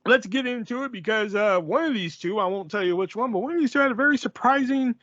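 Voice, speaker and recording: A man's voice: very high voice, animated, fast, fairly bright tone, no echo, highs cut off. A man hosting a podcast, chatting casually and swearing freely as he rambles through a sponsor read. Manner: rambling and profane, reads sponsor ads loosely. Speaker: podcast host. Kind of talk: casual chat.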